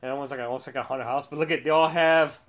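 A man's voice: medium pitch, steady tone, fast, fairly bright tone. A man hosting a laid-back chat about commercials, with loose, trailing sentences. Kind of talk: casual chat reviewing ads.

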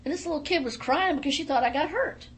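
A woman's voice: high voice, quick pace, a little hiss or hum. A middle-aged woman, a former wrestler and studio guest, tells stories emphatically in a casual radio interview. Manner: animated, emphatic storyteller.

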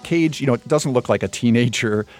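A man co-hosting a film podcast, giving a thoughtful, measured film review. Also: mid-range voice, a little mellow, faint music behind.

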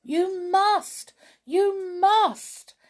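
A woman voicing an excitable young male pixie in a children's storybook reading, with urgent, dramatic exclamations. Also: a little high, slow, voice pushed up. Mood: excited.

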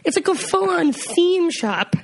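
A woman's voice: very high-pitched, big pitch swings, a little slow. A woman writer, a guest on a casual podcast chat, giggly and full of "like" fillers.

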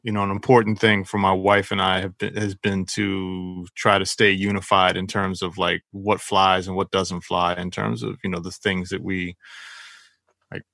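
A low-voiced man hosting a casual chat, with a gravelly, bright tone. His questions come out hesitant and rambling. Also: flat delivery, moderate pace, no echo, clean studio sound.

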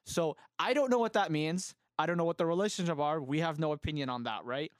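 A man's voice: on the high side, quick pace, no echo, studio quality. A young man co-hosting a casual gaming podcast, ranting heatedly and swearing freely. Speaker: podcast co-host.

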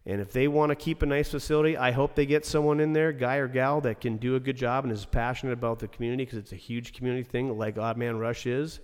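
A man's voice: mid-range voice, fairly even intonation, fast, hardly any pauses, smooth. Brief: outspoken ex-rink manager, a man who swears freely, recorded in a reverberant room. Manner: blunt, profane, ranting. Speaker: former ice rink general manager. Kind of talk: casual podcast chat.

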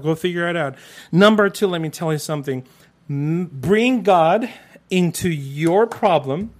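A man with a somewhat high voice tells his story of faith as an interview guest. He preaches fervently, pushing hard on some phrases and dropping to a hushed intensity on others. His English carries an accent and non-native phrasing. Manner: fervent, preacherly, switches between loud urging and soft intensity. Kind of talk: emotional personal testimony.

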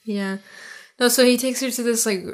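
A woman's voice: a little high, fairly even intonation, moderate pace. A woman in casual chat, retelling a film's plot in a loose, jokey, profane way. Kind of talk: casual chat recapping a film.

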